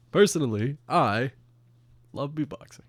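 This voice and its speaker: A solemn, halting president, as a man puts him on, delivering absurd statements in a formal address with many ums and uhs. The pitch sits in a middle, everyday range for a man, and the impression stays close to his own voice. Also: animated, no echo. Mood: deadpan mock. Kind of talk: comedic impression in casual chat.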